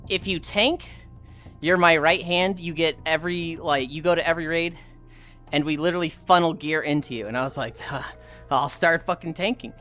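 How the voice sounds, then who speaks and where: A woman streamer telling a casual, animated story with lots of swearing, acting out the other people's voices. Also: sits low, brisk, faint music behind. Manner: animated, profane, acts out voices.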